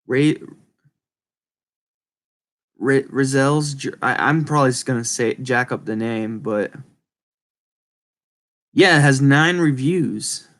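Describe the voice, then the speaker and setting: A man with a speech impediment chatting casually and rambling to viewers, halting and apologetic, often restarting his words. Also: medium pitch, a bit bright. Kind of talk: casual rambling livestream chat.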